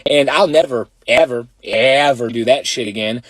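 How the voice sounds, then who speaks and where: Self-mocking profane dad. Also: male voice, mid-range voice, normal speed, a bit bright, dry recording. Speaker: father. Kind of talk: storytime rant.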